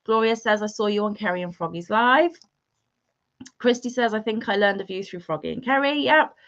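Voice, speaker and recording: Woman, livestream co-host, warm chatty manner, dull lo-fi sound. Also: mid-range voice, a little fast. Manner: warm, chatty, calls viewers honey. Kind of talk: casual livestream chat reading comments.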